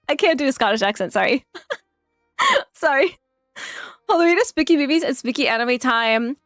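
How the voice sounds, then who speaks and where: A woman's voice: high-pitched, big pitch swings, moderate pace, pauses often, fairly bright tone, no echo, studio quality, faint music behind. Giggly, rambling woman streamer. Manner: giggly, rambling, chatty with many fillers. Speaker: live streamer. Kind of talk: casual live-stream chat.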